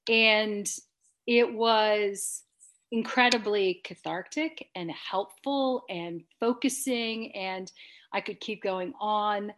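A woman co-hosting a podcast in casual chat, giggly and rambling, poking fun at herself. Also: medium pitch. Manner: giggly, rambling, self-mocking. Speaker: podcast co-host.

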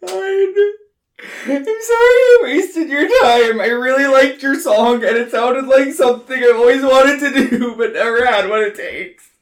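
A man's voice: very high voice, a little slow, pitched above the performer's own voice. A man putting on a tearful young woman singer. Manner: tearful, apologetic. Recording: roomy echo.

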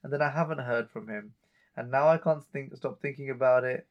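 A man's voice: medium pitch, a little fast, highs cut off. Man casually recapping a TV episode. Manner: retells scenes, reading out character lines in a plain voice. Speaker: podcast co-host recapping an episode.

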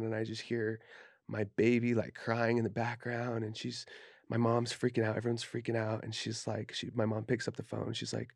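A man's voice: fairly low pitch, monotone, moderate pace, vocal fry, dry recording, studio quality. A man from Utah, a tattoo artist guest on a podcast, telling his story in a candid, profane, casual way and acting out what people said. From Utah, USA. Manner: candid, profane, acts out quoted speech.

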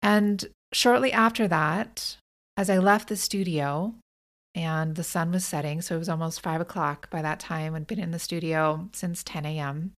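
Woman podcast host, kinda low voice, earnest reflective chat, restarts a lot. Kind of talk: personal reflective monologue.

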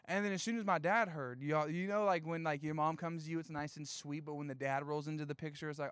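Young male youth pastor, higher voice, smooth and dry, chatty storyteller. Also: fast, hardly any pauses, no echo. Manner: animated storytelling, chatty fillers. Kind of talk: casual sermon with personal story. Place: outdoor evening gathering.

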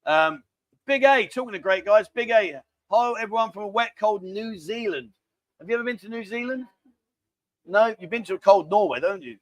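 A man's voice: high-pitched, moderate pace, no echo. A man hosting a live stream, rambling and bantering casually as he reads out viewer comments. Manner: rambling, chatty, cheeky banter. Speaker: livestream host.

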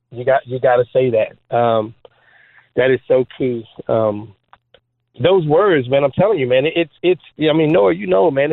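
A man who is a former trick basketball player, guest on an interview show, telling stories in an animated, joking way with many fillers. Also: medium pitch, no echo. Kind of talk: storytelling interview talk. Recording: phone-like dry line.

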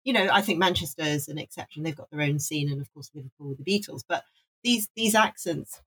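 A woman from Wales talks in a relaxed podcast chat, eager and rambling, circling back on her words. Her voice is husky and sits on the low side. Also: fairly quick. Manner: enthusiastic, rambling with restarts. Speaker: podcast co-host. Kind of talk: casual chat.

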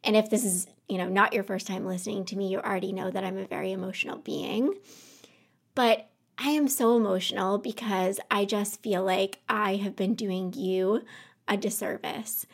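A woman's voice: mid-range voice, fairly even intonation, moderate pace, gravelly. A woman podcast host in her home office, talking through an unscripted personal monologue. She sounds emotional and close to tears, earnest and self-reflective, and she rambles a little.

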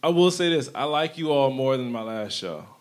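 A man's voice: mid-range voice, animated, normal speed. A man performing a stand-up comedy set, with a punchy delivery and asides to the crowd.

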